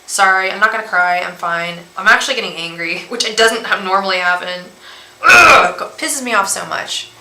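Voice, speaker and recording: Woman, tarot reader, bright voice, rambling with fillers, echoey room. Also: medium pitch, fairly quick, few pauses. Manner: heated, rambling with many restarts and fillers. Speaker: tarot reader and psychic medium. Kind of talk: casual livestream chat.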